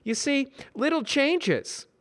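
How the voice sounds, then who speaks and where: A man puts on a heavyset office buddy with a raised, lively voice. He is amiable and casual, a little loud, and full of folksy advice. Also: very high-pitched, takes it slowly, voice pushed up, heavily acted. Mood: advising. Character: chatty, easygoing heavyset male coworker.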